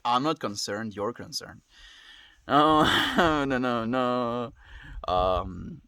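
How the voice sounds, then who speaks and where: A South African man casually live-streaming from his farm, calmly reflecting and greeting viewers by name. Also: medium pitch, extremely slow, clean tone, no room sound. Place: outdoors on a rural farm.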